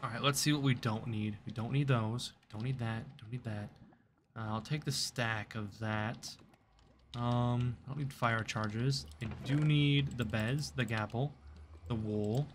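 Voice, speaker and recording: A man's voice: mid-range voice, slight background noise. A man giving chatty, self-mocking commentary while playing a game at his computer desk. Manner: chatty and self-mocking, talks to the game's creatures. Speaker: streamer and gaming video creator. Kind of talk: live gameplay commentary.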